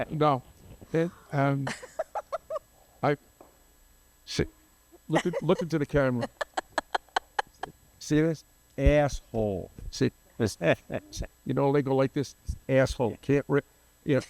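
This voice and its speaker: A man's voice: medium pitch, moderate pace, creaky, long pauses, a little mellow, no echo. An older man, a photographer guest, telling long rambling anecdotes in an interview, often losing names and restarting.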